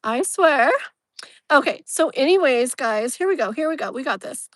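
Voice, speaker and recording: Woman doing a live tarot read, kinda high voice, super chatty, lots of "like", dry close sound. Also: animated, moderate pace, a bit bright, no echo. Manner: chatty, full of "like" and "you know"; affectionate, soothing tone toward the viewer. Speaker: tarot reader hosting a live stream. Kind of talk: casual live-stream reading.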